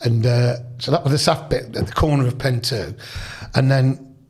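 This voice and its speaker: A man's voice: medium pitch, normal speed, a little mellow. A man in his sixties with a Leicester accent, a podcast guest telling rambling anecdotes in casual chat. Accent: Leicester English. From Leicester, England. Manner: rambling, anecdotal, full of restarts and quoted dialogue.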